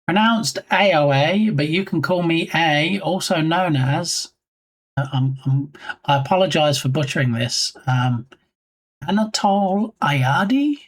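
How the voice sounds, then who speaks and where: A man's voice: a little high, a little slow. Playful, joking male streamer. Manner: playful, jokey, teasing chat. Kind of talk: casual live-stream chat.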